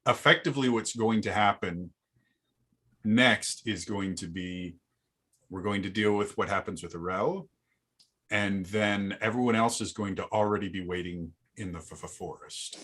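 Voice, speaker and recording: A man running a tabletop game on a live stream, animated, often stumbling and restarting his words. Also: lowish voice, normal speed. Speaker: game master. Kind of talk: casual chat on a live stream.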